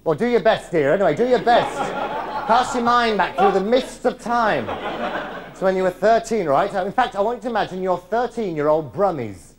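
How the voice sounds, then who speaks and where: A man tells stories to a live theatre audience in a chatty, teasing way, picked up on a clip-on mic. His pitch rises and falls a lot. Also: lively intonation, moderate pace, a crowd in the background. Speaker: solo stage performer. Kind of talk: one-man comedy show storytelling. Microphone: clip-on body mic.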